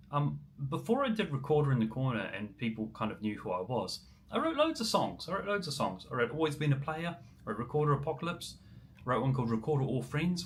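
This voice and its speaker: With slight noise in the background, this New Zealand man chats on his livestream in a medium-pitched voice. A musician, he responds to viewers' comments casually and says um a lot.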